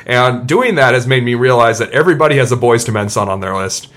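A man co-hosting a casual sports podcast, chatting with animated asides. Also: medium pitch, fast, a little hiss or hum. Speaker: podcast co-host.

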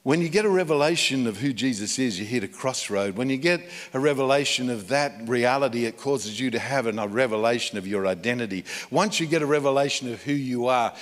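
An Australian man, a pastor, preaching a conversational sermon that swings from loud emphatic peaks to quiet low asides. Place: church. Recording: long hall reverb in a church.

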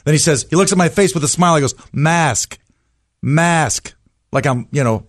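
A man's voice: on the high side, lively intonation, very fast. A male comedian telling absurd one-liners in playful, chatty banter.

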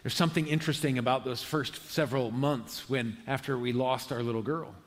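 A man preaching a conversational sermon as pastor, earnest and halting, often restarting his sentences. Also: mid-range voice, steady tone. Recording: long hall reverb.

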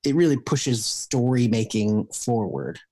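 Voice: mid-range voice, animated, a little slow, warm tone. A podcast guest in casual chat, explaining things at length with many fillers. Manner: explanatory, full of ums, laughs easily.

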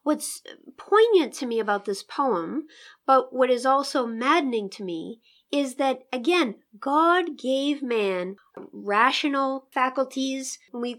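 A woman teaching a poetry lesson in an enthusiastic, engaged way, reading lines aloud with emphatic pauses. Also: fairly high pitch, fairly bright tone. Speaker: literature teacher. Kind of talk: literary discussion lesson.

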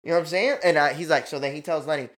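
Bright-voiced man telling a wild story. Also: on the high side, racing. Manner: animated, profane, slangy storytelling. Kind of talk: casual storytelling chat.

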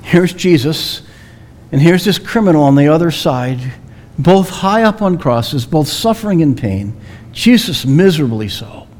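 A man delivers a sermon in a slightly raised voice. He tells the story at a slow, deliberate pace, leaning on long, dramatic pauses. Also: a little high, animated, a little mellow. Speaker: preacher.

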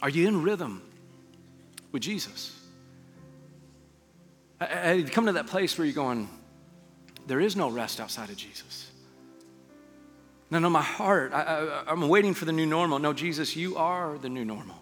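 A male pastor delivers a sermon in a slightly high voice, acting out quotes and then easing into soft, hushed phrases. His voice rings through a reverberant hall while faint music plays underneath. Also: animated, normal speed, long pauses. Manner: preaching with dramatic quoted asides, dropping to soft hushed tones.

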